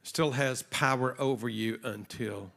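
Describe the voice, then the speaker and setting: Male preacher, conversational storyteller, gravelly tone, mid-range voice. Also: mid-range voice, a little slow, fairly bright tone. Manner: conversational, acts out dialogue in his stories. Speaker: guest preacher. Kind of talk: sermon with storytelling. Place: church stage before a congregation.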